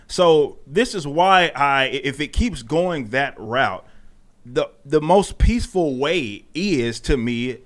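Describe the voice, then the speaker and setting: A man's voice: a little high, animated, takes it slowly. A man who is a guest on a political talk show, speaking bluntly and emphatically with frequent restarts.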